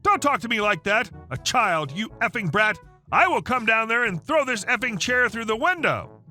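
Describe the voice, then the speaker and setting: A man voicing an angry husband shouting threats over the phone in a story reading. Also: sits high, very animated, normal speed, faint music behind, heavily acted. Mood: threatening.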